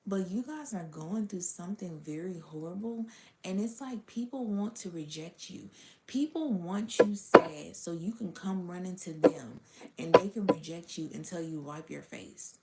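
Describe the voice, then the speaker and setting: A woman's voice: lowish voice, normal speed, background noise. A woman giving a casual spiritual reading to her audience, blunt and profane, sometimes dropping to a whisper. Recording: roomy echo.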